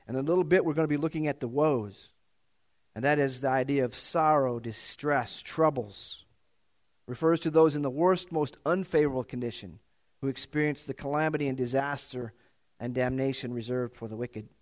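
A man's voice: medium pitch, normal speed. A man preaching a sermon to his church in a conversational way, often restarting his sentences and correcting himself.

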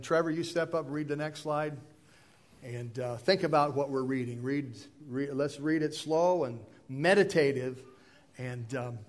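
Impassioned male pastor, soft then loud. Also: a little high. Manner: impassioned, swings between soft asides and loud emphasis. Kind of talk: sermon and responsive reading.

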